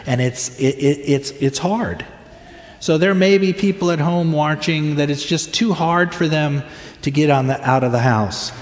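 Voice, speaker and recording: An older man preaching a sermon as a pastor, slow and earnest, stretching his words with long pauses. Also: fairly high pitch. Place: church sanctuary. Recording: echoey hall, voice from a distance.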